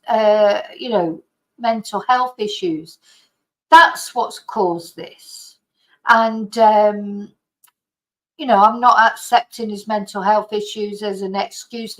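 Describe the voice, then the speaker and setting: A woman's voice: a little high, a bit bright, low-quality recording. A middle-aged woman from Britain, hosting her own channel in a casual opinion monologue, indignant and rambling with frequent restarts. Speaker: channel host.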